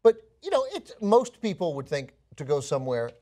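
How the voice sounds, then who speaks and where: Male co-host, slightly high voice that swings widely, rambling opinionated riffs. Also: moderate pace. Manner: rambling, animated, self-interrupting. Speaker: news show co-host. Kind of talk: casual news commentary.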